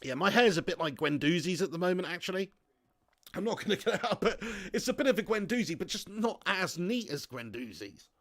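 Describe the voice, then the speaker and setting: Chatty guy hosting a football watch-along, jokey rambling banter, slightly high voice, dry sound. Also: sing-song, brisk, fairly bright tone, dry recording. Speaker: livestream host reading viewer chat.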